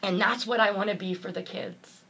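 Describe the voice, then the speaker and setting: A woman's voice: mid-range voice, fairly even intonation, moderate pace, vocal fry, bright, forceful tone, slightly rough. A woman motivational speaker, earnest and heartfelt, telling a personal story in an interview and acting out the voices of the people in it.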